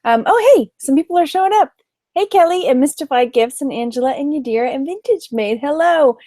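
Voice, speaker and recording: A woman's voice: sits high, expressive, a little fast, mellow, no echo, clean studio sound. A woman with a Texan accent chatting casually on a late-night live stream, tired and greeting viewers by name as she goes. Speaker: online reseller doing a live stream.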